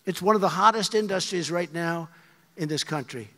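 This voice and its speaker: A man's voice: high-pitched, moderate pace, bright, forceful tone. A man in his seventies giving a rambling, emphatic speech to a crowd, repeating his phrases. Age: 70s. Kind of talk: rally speech. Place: large hall with an audience. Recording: long hall reverb with faint crowd.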